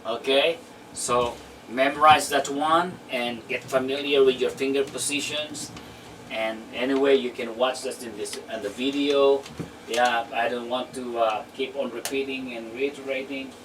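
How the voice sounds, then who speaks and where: A man teaching a casual beginner bass lesson in a small practice room, counting beats and scatting rhythm syllables as he demonstrates. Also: background noise. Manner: repeats words and restarts, talks loosely to the student. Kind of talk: casual hands-on music lesson. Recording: distant mic with loud guitar playing.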